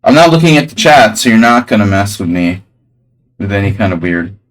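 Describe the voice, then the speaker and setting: A man's voice: on the low side, big pitch swings, fairly quick, recorded from a distance, poor audio. A man streaming chess, thinking aloud over his moves with dry, jokey asides. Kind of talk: live-stream chess commentary.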